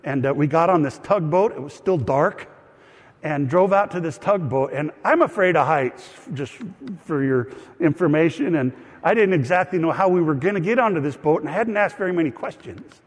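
A man pastor preaching a sermon, slightly higher-pitched, spinning a personal story with casual asides and self-deprecating humor. His voice rings out with a long church-hall reverb. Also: animated, normal speed.

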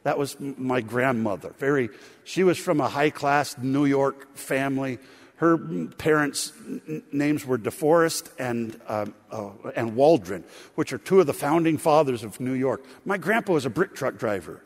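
A middle-aged pastor with a medium-pitched, expressive voice preaches a sermon at a moderate pace. He tells family stories in a folksy manner and calls the congregation his friends. A long hall reverb colors the recording.

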